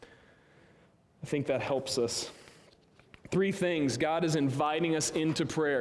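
A man preaching a sermon as pastor, conversational and earnest, swinging from raised emphasis to hushed asides. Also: a little high, takes it slowly, pauses often. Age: 30s. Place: church sanctuary. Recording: long hall reverb.

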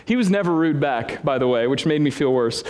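Guy pastor preaching, kinda high voice, lively self-roasting story, big church echo. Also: a little fast. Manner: animated, self-deprecating storytelling with big swings in pitch. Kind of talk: sermon. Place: church hall with a congregation. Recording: long reverb of a church hall.

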